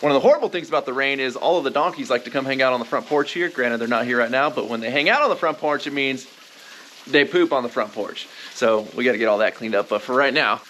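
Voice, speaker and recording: A man from California talks his viewers through a guest house renovation at a brisk clip. His delivery is upbeat, loose and rambling, full of casual fillers. He sounds like a handyman vlogger filming on site with a camera mic. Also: mid-range voice, fairly bright tone, slight background noise. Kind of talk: casual DIY vlog talk. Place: construction site indoors and outdoors.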